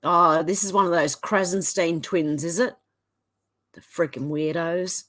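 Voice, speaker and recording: A woman's voice: expressive, fairly bright tone. A woman with an Australian accent, giving casual commentary and reading posts aloud. She sounds indignant and sarcastic. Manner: indignant and sarcastic, quick swings in pitch. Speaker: commentary vlogger.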